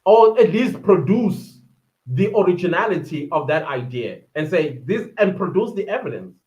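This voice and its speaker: A South African woman hosting a casual livestream, reading viewer comments aloud in a chatty, animated way with quick asides. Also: lowish voice. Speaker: livestream host. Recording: dull lo-fi livestream audio.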